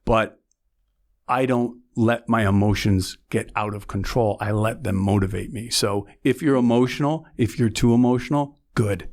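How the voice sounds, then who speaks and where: A man's voice: fairly low pitch, normal speed, a little mellow. A man, a former prosecutor co-hosting a podcast, explaining cases step by step in a casual, earnest chat. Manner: earnest, explains step by step with frequent "okay" and "right".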